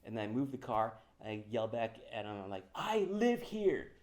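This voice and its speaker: A man's voice: on the low side, fairly even intonation, fast. A man co-hosting a comedy podcast, telling a rambling story in casual chat with many fillers. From California.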